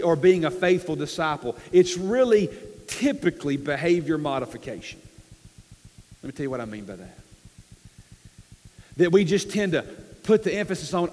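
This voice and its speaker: A man's voice: high-pitched, a little mellow. A man preaching a sermon as pastor, earnest and repetitive, often acting out quotes to make his point. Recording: long hall reverb.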